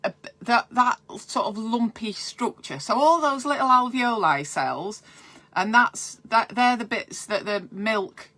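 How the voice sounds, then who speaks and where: A midwife talks casually through breastfeeding advice from home, her voice bright and forward. She wanders off topic to chat with viewers before finding her thread again. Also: a little high, animated, measured pace. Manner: chatty and digressive, breaks off to read viewer comments. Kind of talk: live-streamed breastfeeding advice.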